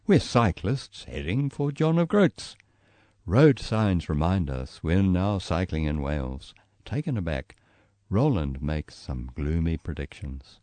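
Brief: male memoir narrator, New Zealand accent, low and very expressive, dry close sound. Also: slow pace, dry recording. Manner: lively storytelling, voicing quoted people with raised pitch. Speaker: memoir reader. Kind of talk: dramatised memoir reading.

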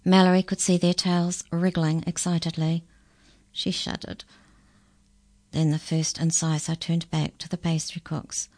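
A woman reading a children's story aloud in a calm, measured storytelling voice. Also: lowish voice, dry recording. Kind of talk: storybook narration.

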